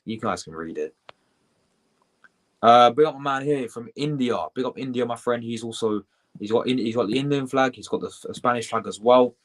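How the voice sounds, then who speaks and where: A young British man hosting a live football reaction stream, chatty and excitable, swearing and shouting out viewers in his chat. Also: on the low side. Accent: British English. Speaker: football livestream host.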